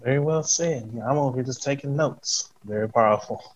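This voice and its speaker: A man hosting an interview, casual and responsive, asking questions in halting restarts. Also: mid-range voice. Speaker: podcast host. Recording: dull lo-fi sound.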